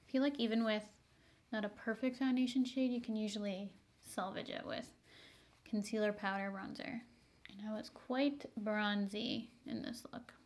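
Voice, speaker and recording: A young woman, chatting to viewers through a makeup tutorial, laughing often and making asides. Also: medium pitch. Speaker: beauty vlogger.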